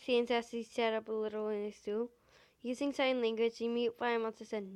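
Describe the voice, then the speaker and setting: A woman with a high, squeaky voice reading a fan-fiction story aloud, halting and stumbling with many fillers and restarts. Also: steady tone, a little mellow, clear, resonant tone.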